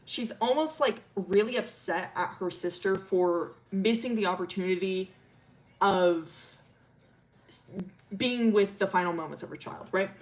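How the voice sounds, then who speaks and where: A woman's voice: medium pitch, measured pace. A woman streamer casually telling a long story, rambling with lots of fillers, laughing often and swearing freely.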